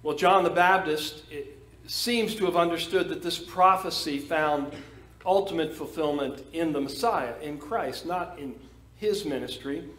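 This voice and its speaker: A man's voice: fairly high pitch, unhurried, fairly bright tone. A man preaching a sermon as pastor, reading scripture and stressing points emphatically. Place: church sanctuary. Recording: echoey church room.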